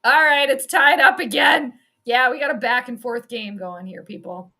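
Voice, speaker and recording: A woman giving casual, excitable live play-by-play at home. She chats, swears freely and laughs often. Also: sits high, normal speed, gravelly. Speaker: sports commentator and astrologer. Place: at home in the evening.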